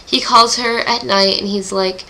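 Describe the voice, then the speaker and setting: A teenage girl chats through a chapter recap for her book club vlog, emotional and gushing, letting out groaning sighs. Her voice is bright and forward, with a lot of vocal fry at the ends of phrases. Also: medium pitch, fairly even intonation, measured pace, a little hiss or hum, poor audio.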